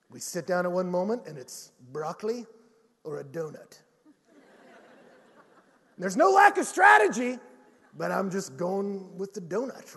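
A man preaching a sermon in a church, telling lively stories with jokes and acted-out quotes. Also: sits high, long reverb tail, slight background noise.

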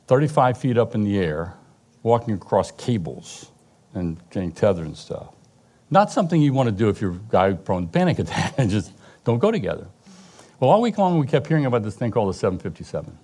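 Middle-aged man, low warm voice, halting storyteller giving a personal testimony. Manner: storytelling, halting restarts, occasional laughs.

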